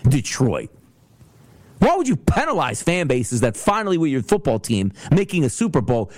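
A man hosting a solo sports talk show, ranting in an animated way and slipping into mocking voices. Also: on the high side, dry recording. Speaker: sports podcast host.

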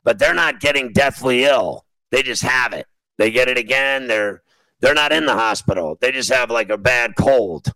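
A man's voice: medium pitch, normal speed, pushed and bright, dry recording, rough recording. Blunt, ranting man host. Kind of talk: opinionated sports talk monologue.

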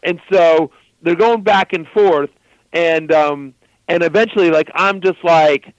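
Animated man telling a story. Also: on the high side, measured pace, no room sound, lo-fi sound. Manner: animated storyteller, loose with fillers. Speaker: guest. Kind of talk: casual storytelling.

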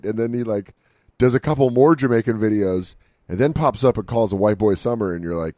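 Swearing comedy podcast host, dry studio sound. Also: male voice, fairly low pitch, darkish tone, no echo. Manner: profane, riffing, quick impressions. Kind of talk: casual comedic banter. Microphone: handheld studio mic.

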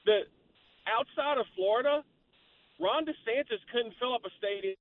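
A man's voice: very high-pitched, moderate pace, dry recording. Blunt male caller on a phone line. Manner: blunt, opinionated. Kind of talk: call-in political talk radio.

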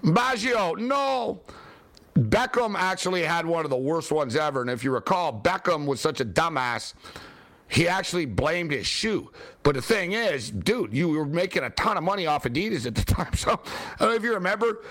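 A high-pitched man talking sports in a loose, ranting way, peppering every sentence with fillers. His delivery is animated and opinionated, a casual chat-show host letting off steam. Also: moderate pace.

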